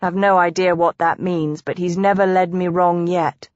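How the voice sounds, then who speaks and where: A woman's voice: lowish voice, steady tone, moderate pace, no room sound, dull audio, close to an everyday voice. A woman voicing an easygoing young man who asks light, curious questions. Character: cheerful young brother, easygoing.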